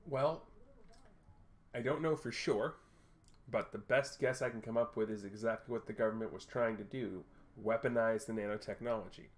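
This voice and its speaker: A man voicing a self-assured wealthy male tech executive who talks in a polished, measured, slightly condescending way in a tabletop game. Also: on the low side, natural voice. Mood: composed.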